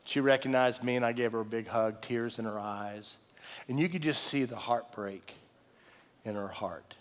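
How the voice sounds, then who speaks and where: Pastor preaching in an echoing hall. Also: male voice, normal speed. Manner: conversational storytelling, swings from loud excited retelling to soft low tones. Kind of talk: sermon. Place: church sanctuary. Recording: long reverb of a large hall.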